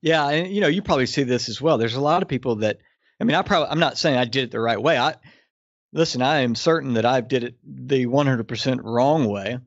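A man's voice: mid-range voice, fast, no echo. A man from Louisiana, a business consultant, talking as an interview guest, telling stories and rambling with many restarts. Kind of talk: conversational interview. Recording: dull, lo-fi sound.

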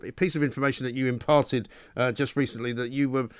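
A man hosts a radio talk programme, talking quickly and briskly. His voice is recorded dry and close in the studio, with little room sound around it. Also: medium pitch, fairly even intonation, smooth, no echo. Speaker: radio host.

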